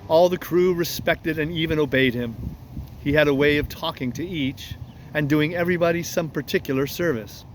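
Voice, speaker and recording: A man reading a classic novel aloud at an unhurried pace, now and then adding a casual aside. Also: a little high, a little hiss or hum. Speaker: audiobook reader.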